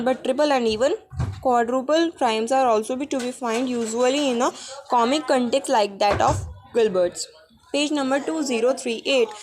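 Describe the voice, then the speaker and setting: A woman with an Indian English accent reads a poetry textbook aloud. Her voice sits a little high, and she halts and restarts over words as she goes. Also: darkish tone. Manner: halting reading with restarts and stumbles. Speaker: student reader.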